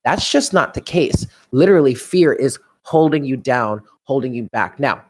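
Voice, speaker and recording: A New York man gives a live tarot reading in a mid-range, somewhat dark voice, his intonation lively and his pace moderate. He muses and chats as he goes, often laughing to himself.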